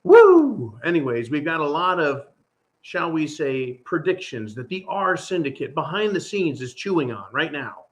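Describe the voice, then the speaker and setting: Guy ranting on his channel, kinda high voice, sarcastic and fed up, keeps restarting. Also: lively intonation, moderate pace, a bit bright. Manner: sarcastic, exasperated, rambling with restarts. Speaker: channel host. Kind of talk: casual ranting monologue.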